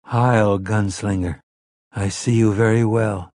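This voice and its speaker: A man's voice: lowish voice, steady tone, slow, darkish tone, dry recording. A man voicing a hypnotized grown man who talks like a frightened seven-year-old, raised and small. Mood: dazed. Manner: dazed, then small, trembling and childlike. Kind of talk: audiobook character voice.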